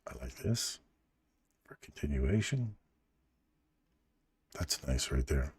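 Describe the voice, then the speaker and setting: A man with a very deep, dark voice, still groggy from just waking up, hosts a casual live trading stream. He muses out loud and throws questions to his viewers. His voice is husky and sits close in a dry room, with mouse clicks now and then. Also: slow pace, no room sound. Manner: relaxed, musing, chats to viewers. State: groggy morning voice.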